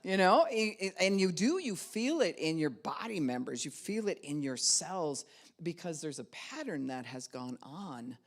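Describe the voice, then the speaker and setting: Expressive woman pastor preaching. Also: a little slow. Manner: lively and expressive, swings pitch and loudness to act out quoted thoughts; conversational, addresses the listeners directly. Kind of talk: sermon.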